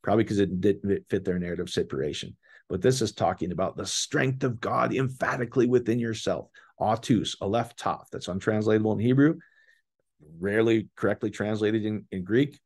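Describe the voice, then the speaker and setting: A man's voice: on the low side, a little fast, darkish tone, slightly rough. A man teaching a casual, enthusiastic scripture word study and explaining terms to his listeners. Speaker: bible teacher.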